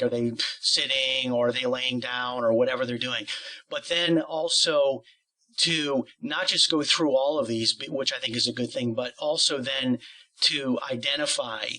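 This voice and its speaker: A man interviewing a guest about a singing course, with a bright, forward tone. He talks at length in a loose conversational way, stacking up examples and qualifiers. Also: mid-range voice, rough recording. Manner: explains at length with many qualifiers.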